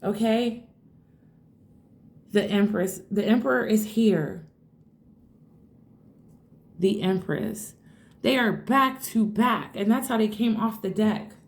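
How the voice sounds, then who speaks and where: A woman giving a casual tarot reading to her viewers, excitable and swearing freely, calling them y'all. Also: mid-range voice, slow, pauses often. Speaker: tarot reader. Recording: echoey room.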